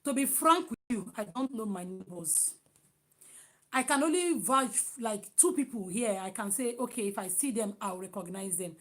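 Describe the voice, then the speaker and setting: A woman from Nigeria with a Nigerian accent, chatting casually in a vlog, loud and emphatic, with many restarts. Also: medium pitch, lively intonation, normal speed. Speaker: vlogger.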